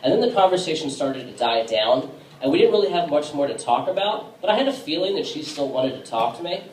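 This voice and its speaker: A man performing a casual stand-up set on a bar stage, with a halting delivery full of fillers. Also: a little high, expressive, a little hiss or hum. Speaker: stand-up comedian. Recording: echoey room from a distance.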